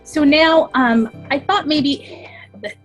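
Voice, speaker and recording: A woman leading a children's circle time on a video call, talking gently and reassuringly with many ums. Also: high voice, faint music behind. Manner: slow, soft-spoken and reassuring, with many ums. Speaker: early-years facilitator leading circle time. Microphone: laptop webcam on a video call.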